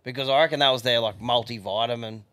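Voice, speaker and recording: A man, co-hosting a podcast in relaxed, hesitant chat. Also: mid-range voice, fast talker, smooth, dry recording. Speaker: podcast co-host. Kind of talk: casual chat.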